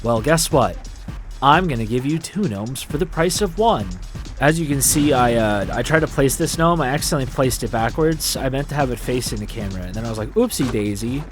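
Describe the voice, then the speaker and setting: A man's voice: medium pitch, expressive, a little fast, soft background music. A man hosting his gaming channel, chatting through game commentary in a rambling, jokey way that keeps interrupting itself.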